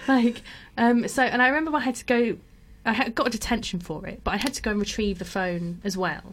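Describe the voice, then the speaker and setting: A woman's voice: on the high side, fast talker. A young woman telling a story in casual chat, often laughing, with lots of fillers.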